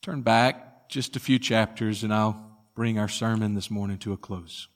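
A man preaching a sermon and reading scripture aloud, building to loud emphatic peaks and then dropping low. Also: fairly even intonation, normal speed. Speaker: pastor.

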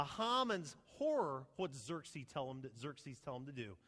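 A man preaching a sermon, retelling a story with lively rhetorical questions to his congregation. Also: medium pitch, measured pace, hardly any pauses. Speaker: pastor. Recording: long hall reverb.

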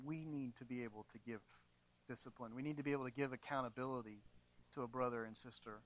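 A pastor preaching a sermon to his congregation, moving from quiet, measured passages to emphatic, raised appeals. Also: medium pitch, low-quality recording. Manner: earnest preaching, swings between quiet and emphatic.

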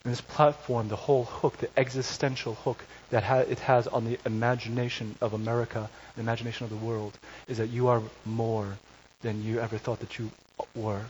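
Chatty pastor preaching, slightly muffled. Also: male voice, mid-range voice, flat delivery, fairly quick, hardly any pauses, darkish tone. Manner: chatty, self-correcting, joking asides. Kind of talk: conversational sermon. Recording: slightly dull recording with faint hiss.

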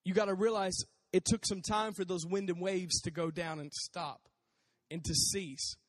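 High-voiced man preaching in a hall. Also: normal speed. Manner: conversational, animated, acts out voices. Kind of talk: casual sermon.

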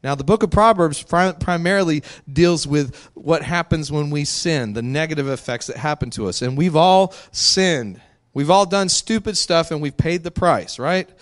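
A man's voice: fairly high pitch, moderate pace. A male pastor preaching a sermon in a candid, conversational way, laughing often.

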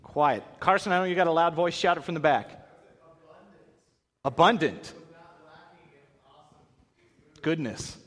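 A man's voice: a little high, rapid-fire. A man leading an interactive Bible lesson, asking the audience questions and acting out voices. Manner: animated, acts out voices, asks the audience questions. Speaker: pastor. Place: large hall with an audience. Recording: long hall reverb.

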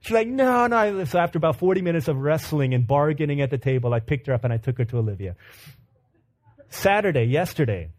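A man in his thirties preaching a sermon, telling a family story with animated, humorous retellings. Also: mid-range voice, fast talker. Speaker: pastor.

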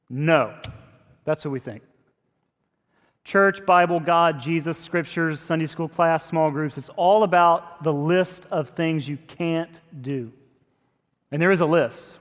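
A man with a slightly high voice delivers a sermon in a plain, conversational manner. His words ring out through the long reverb of a big hall. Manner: conversational preaching, rises in pitch and force when emphatic. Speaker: pastor.

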